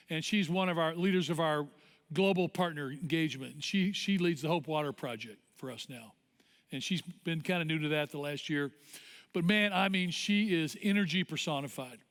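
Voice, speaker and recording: A male pastor preaching a sermon in an animated, conversational storytelling way. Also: on the high side, fairly quick. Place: church auditorium. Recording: long church hall reverb.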